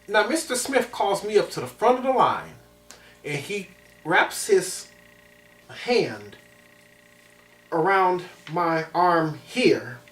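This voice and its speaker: A man in his thirties from Chicago tells a story with lots of emphasis and repeated phrases. His pitch swings widely as he talks. The voice sounds roomy and distant, with the mic set well away from him. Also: big pitch swings, takes it slowly, long pauses, fairly bright tone, soft background music. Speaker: vlogger. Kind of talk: personal storytelling.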